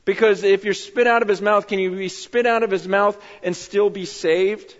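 A man's voice: high voice, steady tone, moderate pace, big-room sound, lo-fi sound. A man preaching a sermon with intensity, repeating himself and acting out quoted voices. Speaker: pastor.

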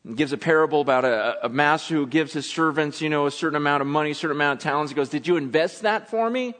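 A man preaching a sermon, acting out quotes with dramatic swings between loud and hushed delivery. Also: on the high side, quick pace. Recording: long hall reverb.

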